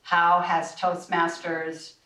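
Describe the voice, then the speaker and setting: A woman hosting a club meeting, briskly introducing the next speaker. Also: lowish voice, monotone, sharp tone. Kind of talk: meeting emcee. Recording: roomy, distant mic, audible noise.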